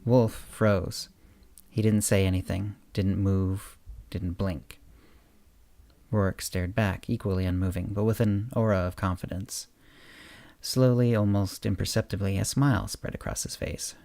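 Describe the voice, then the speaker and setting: A man hosting a podcast, reading his own short story aloud in a steady narration. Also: lowish voice, a little slow, gravelly, no echo. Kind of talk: audiobook-style story narration.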